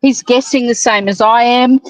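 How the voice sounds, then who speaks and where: Woman, livestream host, cheeky and crude, slightly high voice, dry close sound. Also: fairly even intonation, moderate pace, no echo, poor audio. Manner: cheeky, teasing, crude jokes. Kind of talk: casual chat.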